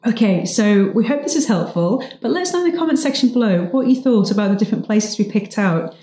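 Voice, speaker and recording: A woman's voice: fairly high pitch, animated, quick pace, warm tone, echoey room. A young woman vlogging about family travel, chatty and upbeat, with self-mocking asides. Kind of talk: family travel vlog narration.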